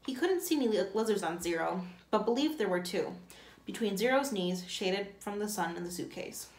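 A teacher reading a novel aloud in a plain way, now and then stumbling and correcting herself. Her voice is at a middle pitch and echoes around the room. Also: lively intonation, normal speed, darkish tone.

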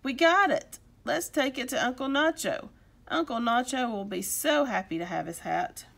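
A woman voicing two excitable young boys in a storybook read-aloud. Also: high-pitched, normal speed, gravelly, pitched above the performer's own voice, heavily acted. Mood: excited.

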